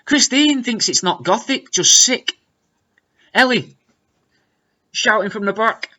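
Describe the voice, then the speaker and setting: A man reading out comments with wry, deadpan asides in a casual commentary. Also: high voice, takes it slowly, long pauses. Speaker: video creator reading comments.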